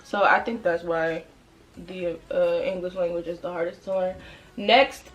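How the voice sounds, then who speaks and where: A young woman from the Washington DC area chatting while doing her makeup, telling stories in an animated way and putting on playful voices. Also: on the low side, measured pace, faint music behind. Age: young adult. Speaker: beauty vlogger. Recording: noisy home recording.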